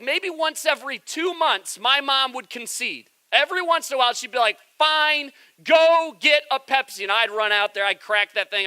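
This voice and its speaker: A man's voice: extremely high pitch, pushed and bright. A man in his thirties preaching a sermon as pastor, telling stories in a conversational, humorous way.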